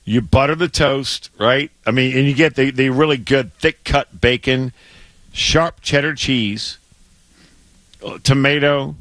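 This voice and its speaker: A middle-aged man talks sports on the radio in casual, emphatic banter, stumbling and repeating himself when he gets worked up. His voice sits at an ordinary pitch and is recorded dry and close on a studio microphone. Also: a little slow, fairly bright tone, no room sound.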